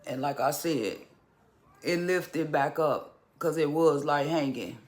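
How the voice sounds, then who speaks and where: Halting, slightly high-voiced man vlogging. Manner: halting, with restarts and occasional stutters. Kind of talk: casual talk to camera.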